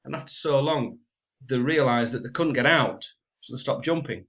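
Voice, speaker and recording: A man's voice: medium pitch, normal speed, a bit bright. A man co-hosting a casual business chat, rambling and repeating words, laughing often. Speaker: podcast co-host. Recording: slightly dull lo-fi sound.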